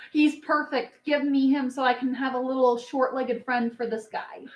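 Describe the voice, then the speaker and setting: A woman's voice: high voice, steady tone, measured pace, roomy sound. A woman in her thirties chatting casually on a livestream, rambling with fillers and laughs, doting on her dog. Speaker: livestream host.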